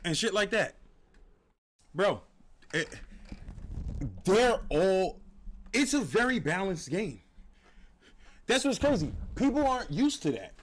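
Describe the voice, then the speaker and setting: A man streaming a game, talking in animated, profane, rambling banter. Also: high voice, slow pace, pauses often. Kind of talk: casual gaming stream talk. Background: faint game music.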